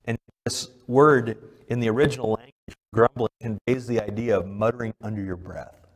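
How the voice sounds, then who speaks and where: Here a man preaches to his congregation as their pastor, keeping a steady tone and a moderate pace. His delivery moves from forceful, loud statements to hushed, low passages, and he puts questions straight to the people in the pews.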